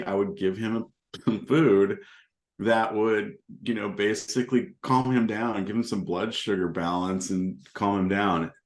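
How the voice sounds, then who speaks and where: A middle-aged man on a panel, telling casual anecdotes in an easygoing way and chuckling between points. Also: fairly low pitch. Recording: roomy echo.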